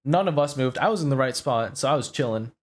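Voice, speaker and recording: A man's voice: mid-range voice, lively intonation, quick pace. A young man co-hosting a podcast, telling a long story in a rambling, profane way full of "you know" and "right?". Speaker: podcast co-host. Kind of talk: casual storytelling chat.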